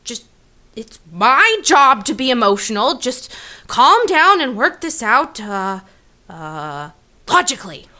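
A woman's voice: on the high side, sing-song, slow, sharp tone, heavily acted. A young woman in a comedy sketch, playing her own effusive, melodramatic emotional side. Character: young woman's gushing, dramatic emotional self.

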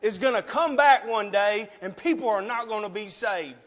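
Male preacher, high voice, passionate and pleading, heard in a hall with long reverb. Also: normal speed. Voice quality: passionate, emotional, loud at times. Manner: rhetorical questions, pleading. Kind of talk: sermon with altar call. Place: church sanctuary.

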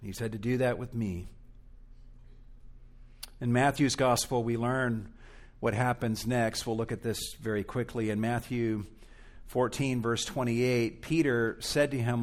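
Slow, deliberate male preacher. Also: medium pitch. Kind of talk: sermon.

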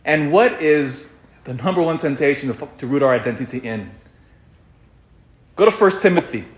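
Man, priest, sermon, lively pitch, rhetorical questions, echoey church. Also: moderate pace. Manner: animated, rhetorical questions, repeats himself.

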